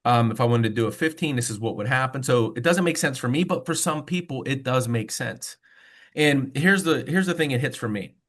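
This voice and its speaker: A man presenting mortgage tools on a webinar, talking casually and telling stories as he goes. He speaks at a middle pitch, and the sound comes through a video call. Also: a little fast, fairly bright tone. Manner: casual storytelling, conversational fillers. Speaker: mortgage loan officer.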